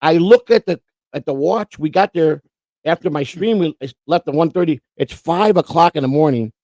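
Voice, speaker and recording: A man's voice: on the high side, moderate pace, darkish tone, dry recording. A man from Florida co-hosting a casual livestream, telling long rambling stories and swearing freely. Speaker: co-host.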